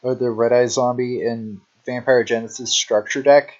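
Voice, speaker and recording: Narrating a deck showcase, a man with a medium-pitched, steady, darkish voice rambles casually while sleepy and yawning, and the recording has its highs cut off. He speaks in an unhurried, drawn-out way, sprinkling in lots of "you know."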